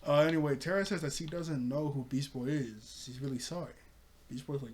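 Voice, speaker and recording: A man's voice: mid-range voice, fairly quick. A young man casually recapping and reviewing a cartoon episode, chatty, laughing often and acting out quoted lines.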